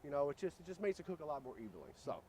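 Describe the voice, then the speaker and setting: A man's voice: fairly high pitch, animated, very fast, darkish tone, slight background noise. A man hosting a casual cooking demo outdoors at a grill, joking around and talking to viewers as "guys.". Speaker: grill cooking show host.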